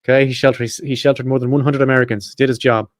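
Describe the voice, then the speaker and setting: A man hosts a podcast, running through his notes at a quick clip. He swears freely and keeps dropping in offhand asides. His voice sits close and dry, with no room sound around it. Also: medium pitch, level tone, no room sound. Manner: casual and profane, quick asides. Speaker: podcast host. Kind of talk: casual podcast chat, reading notes.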